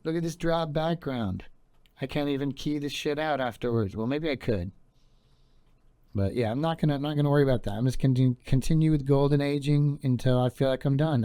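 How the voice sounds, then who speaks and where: A man's voice: medium pitch, warm tone, clean tone, no echo. A young man hosting a podcast, talking in a meandering, laid-back monologue full of fillers. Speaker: podcast host. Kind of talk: rambling casual monologue.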